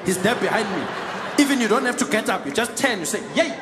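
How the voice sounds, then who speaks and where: A man's voice: high-pitched, animated, fast, a loud crowd, very noisy. A comedian voicing an easygoing South African man who took someone's plane seat, talking in a breezy, wheedling way with a South African accent. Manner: breezy, wheedling, ends lines with "eh".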